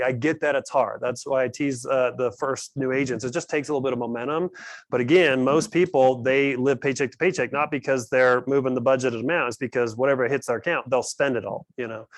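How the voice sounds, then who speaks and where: A man with a medium-pitched voice hosts a casual team meeting about budgeting, keeping the group discussion upbeat and calling on people by name. The recording has no room sound.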